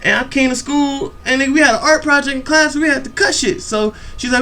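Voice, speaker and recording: A young man telling a profane, animated story on a reaction video channel. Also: very high voice, fast talker, few pauses. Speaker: YouTube reaction host. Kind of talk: storytelling vlog chat.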